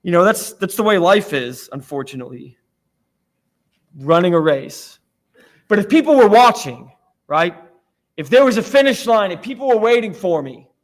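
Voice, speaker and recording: A man from Florida preaching a sermon in a church, telling stories in a conversational, self-deprecating way. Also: sits high. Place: church sanctuary.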